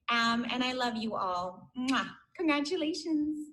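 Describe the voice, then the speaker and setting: A woman's voice: high voice, expressive, a little slow, hardly any pauses, a little hiss or hum, poor audio. A woman teacher giving an affectionate farewell speech to her former students on a video call. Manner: warm, affectionate, tender.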